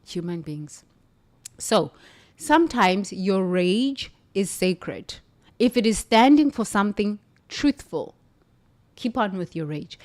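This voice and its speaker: A woman's voice: mid-range voice, sing-song, takes it slowly, a little mellow. A woman from the United States telling her own story in an emphatic, forthright way as a guest. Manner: emphatic, forthright, preachy at times. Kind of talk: conversational storytelling.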